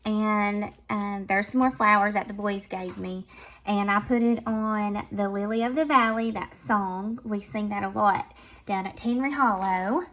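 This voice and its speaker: A woman's voice: mid-range voice, measured pace. Chatty Southern woman touring her home decor. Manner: chatty and affectionate, drifting between soft and lively. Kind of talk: casual home decor tour.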